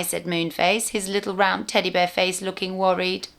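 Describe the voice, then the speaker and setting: A woman, a teacher, reading a storybook aloud to young children with clear, expressive storytelling. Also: lowish voice, normal speed.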